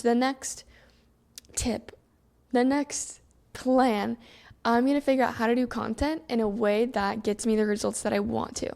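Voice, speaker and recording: Young woman podcast host, solo episode, fairly high voice with vocal fry, chatty and animated. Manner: chatty, animated, acts out her own inner dialogue.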